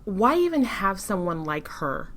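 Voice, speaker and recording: A woman co-hosting a casual commentary chat, speaking in a thoughtful, measured way. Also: mid-range voice, sing-song, fairly bright tone. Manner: thoughtful, measured, some restarts. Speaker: co-host.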